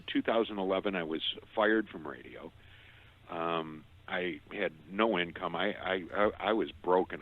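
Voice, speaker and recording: A middle-aged man guest telling a personal testimony, earnest and often stumbling over repeated words. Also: on the low side. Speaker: radio show guest. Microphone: phone. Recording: tinny phone line.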